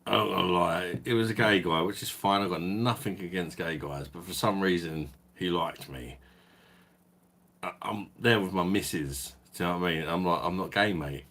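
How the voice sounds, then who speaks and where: A man's voice: low-pitched, moderate pace, fairly bright tone. A man hosting a beer review livestream, telling a rambling story in casual, sweary chat and chuckling often.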